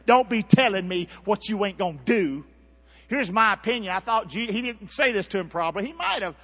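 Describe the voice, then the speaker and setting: A preacher with a high, animated, bright voice drives his sermon with call-and-response. The sound is dull and carries a long church reverb. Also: fairly quick, breathy edge. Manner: call-and-response preaching, shifts from near-whisper to shouting. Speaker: pastor. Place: church sanctuary.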